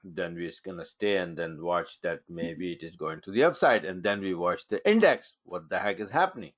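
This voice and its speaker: Trading coach, male, lowish voice, live webinar, talks through charts as he edits them. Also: lively intonation, normal speed. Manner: thinks aloud while marking up charts, punchy "boom" emphasis.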